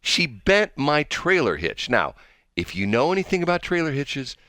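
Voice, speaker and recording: Male radio host, rambling chat, lively pitch, bright voice, dry studio sound. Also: moderate pace, dry recording. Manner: rambling, goes off track, laughs often. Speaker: radio morning show host. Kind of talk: casual radio banter.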